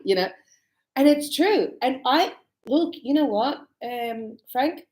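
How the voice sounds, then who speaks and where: A woman teaching a relaxed spoken lesson, chatty and animated as she tells stories and laughs often. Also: sits high, takes it slowly. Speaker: English teacher. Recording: echoey room.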